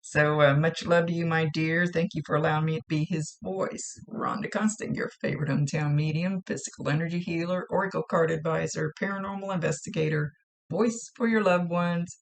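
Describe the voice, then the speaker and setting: A woman psychic medium giving a gentle, reassuring spoken reading to a viewer, often repeating herself. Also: deep voice, steady tone, fairly quick, gravelly.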